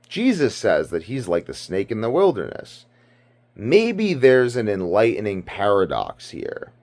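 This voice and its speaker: A man's voice: on the low side, huge pitch swings, measured pace, darkish tone. A man from Britain giving rambling casual commentary, ranting and profane, full of fillers. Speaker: video commentator.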